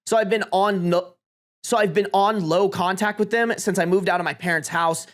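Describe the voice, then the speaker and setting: A live streamer reading Reddit posts aloud to chat, with reactions. Swears freely and laughs often. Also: medium pitch. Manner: talks to chat.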